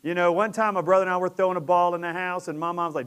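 A middle-aged male pastor with a high voice preaches a sermon in a relaxed, conversational way, lifting into emphatic peaks now and then. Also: racing, clear, resonant tone.

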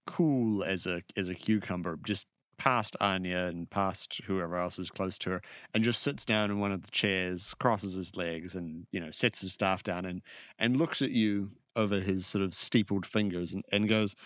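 A man runs a tabletop game in a relaxed, halting way, often repeating words. His voice is fairly low. The recording is dull and dry. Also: no room sound. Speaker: game master.

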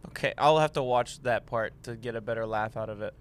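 A man's voice: medium pitch, fairly quick, clear, resonant tone. A man co-hosting a casual sports podcast, talking in a laid-back, rambling way with many fillers. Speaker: podcast co-host.

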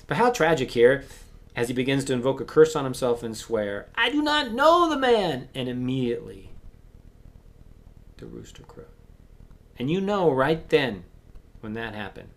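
Gravelly male pastor preaching, goes big then drops to a hush. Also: medium pitch, moderate pace, long pauses. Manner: animated preaching, acting out quoted voices, swings between loud and hushed. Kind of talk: sermon.

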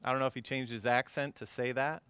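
Bright, clear-voiced man preaching. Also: medium pitch, fast talker, no echo. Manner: lively storytelling with asides to the congregation. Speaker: pastor. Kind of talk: conversational sermon. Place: church service before a congregation.

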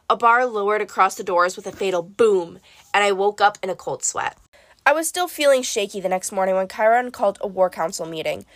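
A woman narrating an audiobook in an expressive, lively first-person storytelling manner. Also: medium pitch, brisk, no echo. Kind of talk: audiobook reading.

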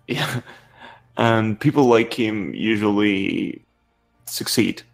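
A man co-hosting a podcast, speaking in a slow, hesitant, thoughtful way. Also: lowish voice, vocal fry, faint music behind. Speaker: podcast co-host. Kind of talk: casual chat.

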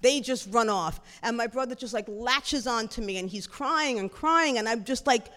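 A middle-aged woman telling a personal story in a lively, animated way, jumping into acted-out dialogue. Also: fairly high pitch, moderate pace, hardly any pauses, in a large hall.

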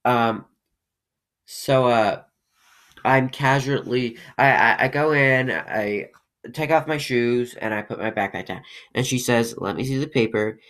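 A man's voice: mid-range voice, a bit bright. Rambling young man telling a story. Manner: rambling, halting, many fillers and restarts. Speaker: podcast host. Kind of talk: personal storytelling.

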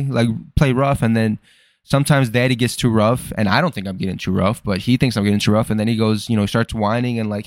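A man's voice: mid-range voice, fairly quick, no echo, studio quality. A young man hosting a podcast, rambling through a casual, profane and self-deprecating personal monologue. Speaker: podcast host.

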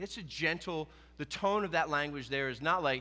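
Middle-aged guy preaching, kinda high voice, lots of repeating for emphasis, big echoey church sound. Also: lively intonation, moderate pace, hardly any pauses, pushed and bright. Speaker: pastor. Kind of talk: sermon.

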